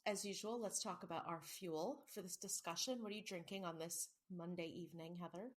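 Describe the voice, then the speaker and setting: A woman's voice: lowish voice, brisk. A woman co-hosting a casual book podcast, chatty and self-mocking, swearing now and then. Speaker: podcast co-host. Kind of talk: casual chat.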